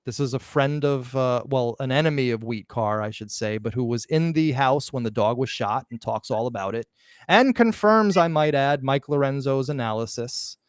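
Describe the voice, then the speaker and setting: A man hosts a live podcast in an excited, emphatic rush, tripping over words and starting them again as he goes. His voice is smooth and resonant, and the sound is dry and close, with no room around it. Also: mid-range voice, moderate pace, no echo. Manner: excited, emphatic, with restarts and stumbles. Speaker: podcast host.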